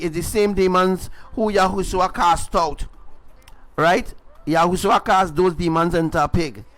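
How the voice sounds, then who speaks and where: On a livestream, a man whose voice leans high with a fairly bright tone shares a spiritual testimony. He is a self-styled preacher who tells it emphatically and repetitively, often adding "right?"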